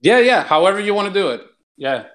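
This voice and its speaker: A man's voice: high voice, very animated, quick pace, fairly bright tone. A man chatting on a community voice call, rambling and filling his talk with "like" and "you know". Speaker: community member offering giveaways. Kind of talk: casual chat on a community voice call. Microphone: online voice call.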